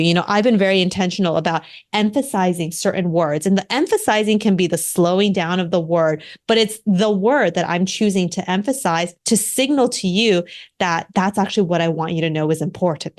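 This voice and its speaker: A woman in her thirties, a communication coach and author, speaking as a podcast guest in an animated, emphatic way. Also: fairly low pitch, a little fast. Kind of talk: podcast interview.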